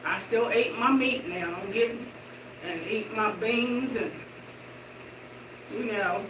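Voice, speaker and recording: A middle-aged woman vlogging in casual chat to her viewers while slowly walking and exercising indoors. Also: mid-range voice. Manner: chatty, slow walking while talking. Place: indoor room with hardwood floor. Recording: roomy, distant and noisy room sound.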